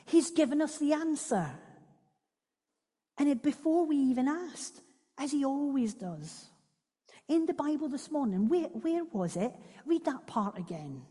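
A woman's voice: sits high, sing-song, measured pace, warm tone, voice pushed up. A woman voicing a devout, serene female prisoner who speaks in an earnest, encouraging way. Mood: eager. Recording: long reverberant echo.

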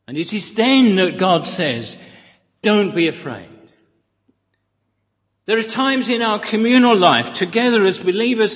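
Slow, earnest preacher in a reverberant church. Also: male voice, high voice, a bit bright. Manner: earnest, deliberate, emphatic repetition. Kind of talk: sermon. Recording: reverberant, dull lo-fi church recording.

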